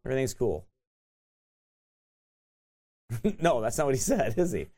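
A man's voice: mid-range voice, very animated, brisk, mellow, breathy edge. A man teaching a sermon in a conversational way, often tossing in "right?" and laughing at himself. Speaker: pastor.

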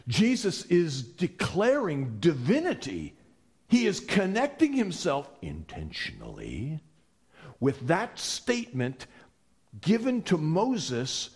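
A man preaching with huge swings of pitch, stressing his words as he goes. He speaks slowly and his voice has a husky edge. He often restarts a phrase before pushing on. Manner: animated and emphatic, with frequent restarts. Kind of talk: sermon.

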